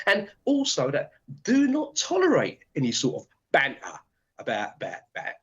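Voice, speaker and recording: Husky, animated older British man. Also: fairly high pitch, fairly quick. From Britain. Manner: lively, acts out voices in his stories. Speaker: author and guest. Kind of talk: animated radio interview storytelling. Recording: dull lo-fi radio audio.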